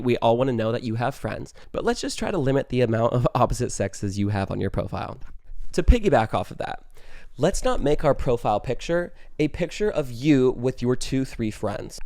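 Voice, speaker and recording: A man's voice: medium pitch, darkish tone, no room sound, studio quality. Chatty young man giving dating advice. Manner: chatty, heavy use of "like", swears when ranting. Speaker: podcast host. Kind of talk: casual advice monologue.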